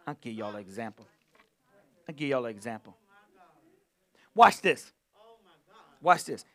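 A man's voice: mid-range voice, animated, unhurried, a bit bright. A man preaching a sermon to a church, repeating phrases and calling on the congregation to answer back. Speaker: pastor.

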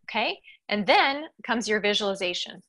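A woman guiding listeners step by step through a tapping exercise, pausing often with a reassuring "okay". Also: mid-range voice, lively intonation, sharp tone. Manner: slow, step-by-step coaching with frequent "okay". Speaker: guest teacher. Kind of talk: guided tapping instruction.

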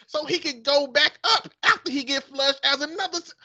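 A woman's voice: high-pitched, normal speed, pushed and bright. A woman in casual chat, blunt and profane, often breaking into laughter. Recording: slightly muffled, dry.

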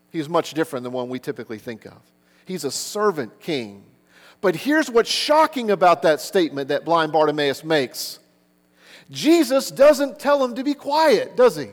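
High-voiced man preaching in a reverberant hall. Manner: earnest, keeps asking the listeners rhetorical questions. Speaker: pastor. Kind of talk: sermon.

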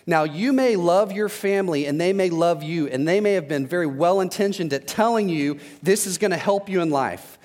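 A man with a notably high voice preaches to his congregation and tells frank, funny stories from his own life. His voice carries a long reverb from a large hall. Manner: candid storytelling with humor. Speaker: pastor. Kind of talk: sermon.

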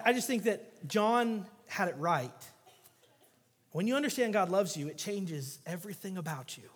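Guest pastor, male, higher-pitched, animated sermon delivery in a reverberant sanctuary. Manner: animated storytelling with jokes, swinging from loud to hushed.

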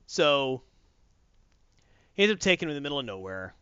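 A man retells a story in a loose, rambling chat, stopping to correct himself. His voice is bright and swings around a lot. The sound is dry and somewhat lo-fi. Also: medium pitch, brisk, clear, resonant tone, no room sound. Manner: animated, rambling, self-correcting. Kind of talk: casual story recap.

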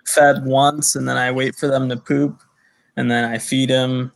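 A man's voice: medium pitch, level tone, a little slow, gravelly. A man talking as a podcast guest, in a mid-range voice. He rambles, pads his sentences with fillers, and drifts from one thought to the next. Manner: rambling, filled with "you know" and "uh". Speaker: podcast guest, snake keeper. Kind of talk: casual chat.

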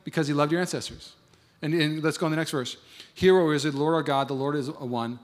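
A man's voice: on the high side, steady tone, quick pace. A man in his thirties preaching a sermon, telling a marriage story and acting out both sides of it. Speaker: pastor. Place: large church hall. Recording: long hall reverb.

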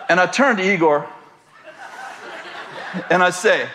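A male pastor preaching in a high voice that swings widely in pitch. He tells a story with humor and laughs often as he goes. His delivery is animated. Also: a little slow, long pauses, slight background noise. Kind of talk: sermon.

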